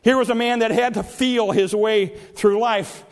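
A man's voice: sits high, steady tone, moderate pace. A man preaching a sermon with passion, repeating his phrases and crying out as he acts out the scripture stories. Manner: impassioned preaching, repeats phrases, cries out in acted quotes.

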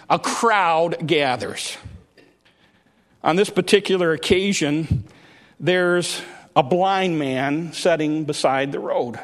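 A man's voice: sits high, a bit bright. A male preacher delivering a sermon, retelling a story dramatically and acting out the voices.

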